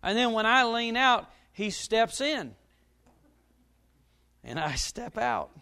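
A middle-aged man, a pastor, preaching a sermon and telling a story, his voice now and then jumping up loud. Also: very high voice, big pitch swings, slow pace, smooth. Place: church.

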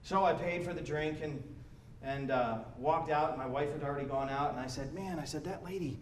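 A man pastor preaching a sermon in a church, conversational and animated, repeating himself as he builds. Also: a little high, normal speed, reverberant, a little hiss or hum. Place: church sanctuary.

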